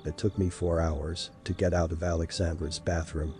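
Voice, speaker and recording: A man reading a first-person horror story aloud in a steady, unhurried narration. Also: low voice. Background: faint background music.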